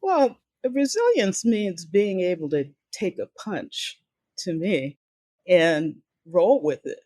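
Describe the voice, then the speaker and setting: An author and guest speaker, this older woman recounts her career on a podcast, voicing the people she quotes. Her lowish, dark voice is sing-song and slow, captured in a dry recording.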